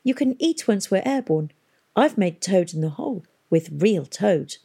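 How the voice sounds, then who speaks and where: A gentle but ruthless aviatrix speaks softly and evenly, as a woman reader gives her voice. The tone is dark and husky, with some gravel in it. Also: mid-range voice, measured pace, exaggerated voice. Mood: brisk. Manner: soft-spoken, calmly matter-of-fact. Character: gentle, cool female aviatrix spy.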